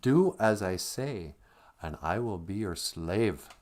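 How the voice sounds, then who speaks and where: A man's voice: low-pitched, expressive, slow, a little mellow. A man doing a theatrical impression of a haughty male goblin king, speaking in a commanding way. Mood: seductive.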